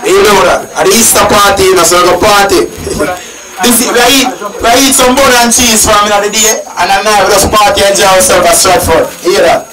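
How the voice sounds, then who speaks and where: A man's voice: high-pitched, steady tone, fairly quick. A man with a Jamaican accent, a guest in rowdy radio-studio banter, laughing and hyping up the room. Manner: rowdy, laughing, keeps asking "you hear that". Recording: distant mic, loud crowd.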